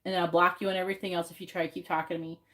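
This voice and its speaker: A woman with a lowish voice and flat delivery gives a live tarot reading very fast, speaking bluntly and swearing freely. As she shuffles, she repeats her questions over and over, with loud background noise on the live stream.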